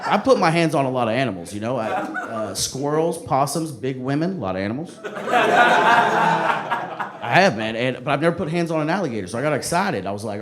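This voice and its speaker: A young man doing animated, profane stand-up storytelling into a handheld stage mic at a live comedy club, in a noisy recording. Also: mid-range voice, brisk, crowd noise. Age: young adult.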